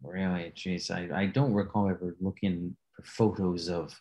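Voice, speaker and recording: Male podcast co-host, low gravelly voice, wry asides. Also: fairly even intonation, moderate pace, darkish tone, dull audio. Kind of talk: casual movie review chat.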